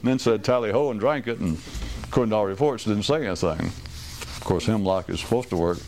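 A man's voice: fairly low pitch, fairly quick, a little mellow, slight background noise. A man giving a rambling, wry talk to a small group, restarting sentences and acting out quoted voices.

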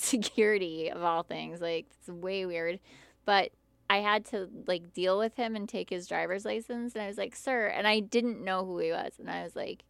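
A woman co-hosting a talk show, her voice smooth and resonant. She trades casual, sarcastic banter and drops laughing asides. The sound is dry and close, with no room echo. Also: medium pitch. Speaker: radio show co-host.

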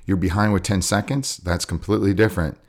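A man with a Southern accent, co-hosting a podcast about jiu-jitsu coaching and explaining it in a relaxed, talkative way. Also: low voice, fast talker. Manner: acts out coaches yelling from the sidelines. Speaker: podcast co-host, BJJ coach. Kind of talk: casual podcast chat.

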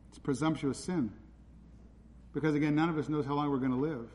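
A man's voice: on the high side, normal speed. A man preaching a sermon in a church, urgent and pleading as he presses his listeners. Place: church hall. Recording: hall reverb with faint ambient noise.

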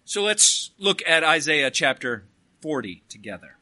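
A man's voice: on the high side, very animated, a little slow, sharp tone. A man preaching a sermon as a pastor, reading scripture aloud and stressing its key words.

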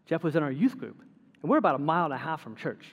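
A man's voice: a little high, very animated, racing, muffled recording. A middle-aged man preaching a sermon as pastor, telling stories with self-deprecating humor. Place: church sanctuary. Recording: long hall reverb.

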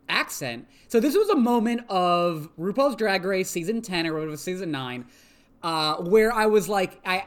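A podcast co-host recapping a TV episode in casual chat, animated and rambling, swearing freely. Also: mid-range voice.

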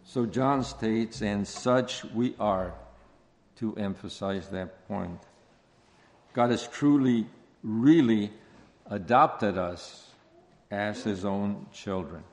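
Man, preacher, sermon, slow deliberate delivery, repeats phrases for emphasis, long hall reverb. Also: fairly low pitch, darkish tone. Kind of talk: expository sermon.

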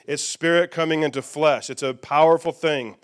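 A middle-aged man preaching a sermon, his voice smooth and resonant and pitched a little above most men's. He talks to his congregation in a conversational way, stopping often to ask "okay?" or "amen?" to make sure they follow. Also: steady tone, moderate pace. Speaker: pastor.

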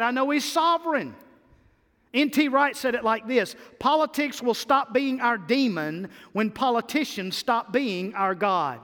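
A male pastor preaching in a church sanctuary with a high, bright-pitched voice. His delivery swings from loud, emphatic bursts to quiet, stretched-out lines. A long reverb trails every phrase. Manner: animated preaching with sudden loud and soft swings. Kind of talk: sermon.

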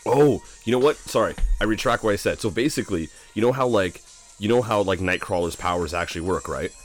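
A man's voice: on the low side, a little fast, soft background music. A man co-hosting a podcast, talking in a dry, matter-of-fact casual way. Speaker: podcast co-host.

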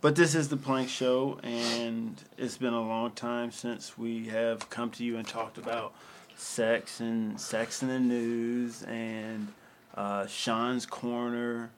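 A man hosting a casual chat show, animated and rambling, with some profanity. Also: mid-range voice, takes it slowly, slight background noise. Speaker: host.

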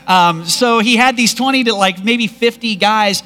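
Bright-voiced man preaching with emphasis. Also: high voice, unhurried. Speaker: pastor. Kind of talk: sermon.

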